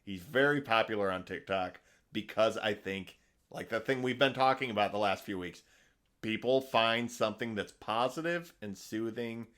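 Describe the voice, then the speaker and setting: A middle-aged man co-hosts a podcast with a fairly low voice. He chats casually, wandering through his points with fillers and restarts. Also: moderate pace, fairly bright tone. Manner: rambling, many fillers and restarts. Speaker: podcast co-host. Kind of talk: casual chat.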